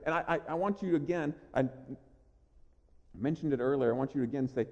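A man preaching a sermon with an earnest, emphatic delivery, slowing down to stress key lines. His voice sits a bit high but sounds mellow. The sound rings with a long reverb from a church sanctuary. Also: muffled recording. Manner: earnest preaching, emphatic slowed key lines, repeats words when starting. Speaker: pastor. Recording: long reverb of a large hall.

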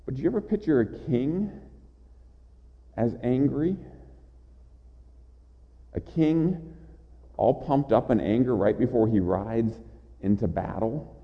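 Impassioned preacher in a reverberant hall. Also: male voice, medium pitch, slow, long pauses. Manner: impassioned, with repeated stammered restarts. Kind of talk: sermon. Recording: dull sound in a large reverberant hall.

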